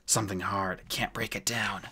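A man voicing a gruff, crude male dwarf in an audiobook, talking bluntly. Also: fairly low pitch, lively intonation, moderate pace, bright, forceful tone, full character voice. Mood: pained.

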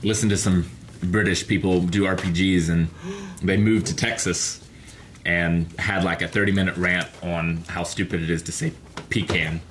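A man co-hosting a casual group chat, making animated, joking asides. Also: sits low, moderate pace, a little hiss or hum. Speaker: co-host.

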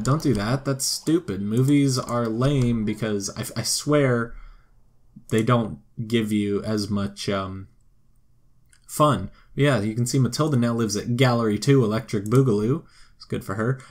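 A young man commentating a life-sim game, playful and sarcastic, talking to the characters on screen. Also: mid-range voice. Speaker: gameplay commentator. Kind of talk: let's play commentary.

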